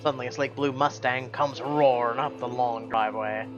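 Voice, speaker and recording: A man's voice: medium pitch, fairly even intonation, normal speed, music in the background. A man reading a story game aloud and chatting in a casual, joking way. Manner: joking, casual, swears freely. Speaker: game playthrough reader and YouTuber. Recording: dull lo-fi audio.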